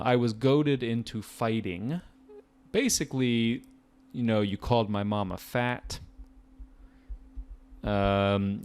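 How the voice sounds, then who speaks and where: Chatty American man tutoring vocabulary. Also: on the low side. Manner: relaxed, chatty, jokey asides. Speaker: test prep tutor. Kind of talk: casual vocabulary lesson.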